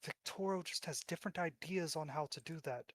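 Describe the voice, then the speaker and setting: A man voicing a devout noblewoman who speaks softly and imploringly. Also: fairly high pitch, brisk, voice pushed up, lightly acted. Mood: pleading.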